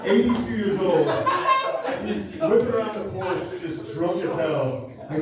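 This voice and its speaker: A young man works a club crowd with crude, rambling stand-up, chuckling through his own punchlines. His voice sits fairly high and swings around a lot. The sound is roomy and heard from a distance, with a crowd laughing loudly around him. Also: lively intonation, a little slow. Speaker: stand-up comedian. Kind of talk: stand-up set. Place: comedy club stage. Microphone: handheld mic. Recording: echoey club audio, heard from afar.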